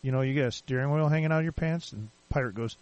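A man's voice: medium pitch, fast talker, no echo, muffled recording. A man co-hosting a casual podcast, telling crude bar jokes in a laid-back way. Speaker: podcast co-host.

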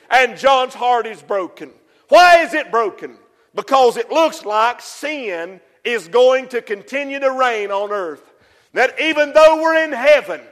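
Male preacher, very high bright voice, slow deliberate delivery, echoey hall. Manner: impassioned, shouts for emphasis. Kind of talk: sermon.

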